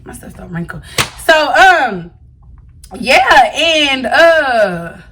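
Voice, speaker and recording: A young woman vlogger tells a storytime tale straight to her viewers. Her voice sits high and sounds bright. She talks in an animated, slangy way and addresses the audience directly. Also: extremely slow, a little hiss or hum. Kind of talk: storytime vlog.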